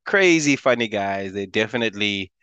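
A South African man talks in a low voice as a guest comedian. His manner is relaxed and meandering, with a joking edge. The sound is dry and close. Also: moderate pace, clear, resonant tone, dry recording. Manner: laid-back, rambling and jokey. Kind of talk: casual interview chat.

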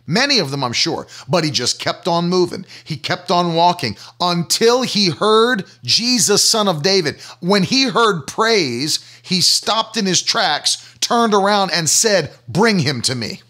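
A man's voice: high-pitched, bright, forceful tone. A man preaching a sermon emphatically, repeating key phrases to drive them home.

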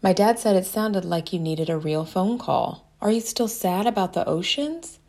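A woman's voice: medium pitch, animated, normal speed, darkish tone. A woman voicing a friendly, eager young boy in a children's story who chats cheerfully with his friend. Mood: upbeat.

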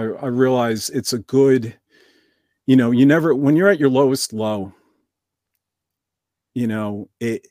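A man on a podcast telling a story casually, with lively swings in his voice. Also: mid-range voice, no echo, studio quality. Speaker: podcast guest.

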